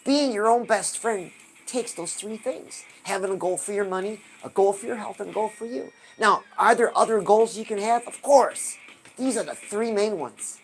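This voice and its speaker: A woman hosting a live stream, giving an animated motivational talk and asking her viewers rhetorical questions. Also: mid-range voice. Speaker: livestream host.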